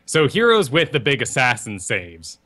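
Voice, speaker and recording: A man's voice: mid-range voice, huge pitch swings, moderate pace, sharp tone. A man co-hosting a gaming podcast, breaking strategy down step by step with wry asides. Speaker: podcast co-host. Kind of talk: casual podcast chat and strategy explanation.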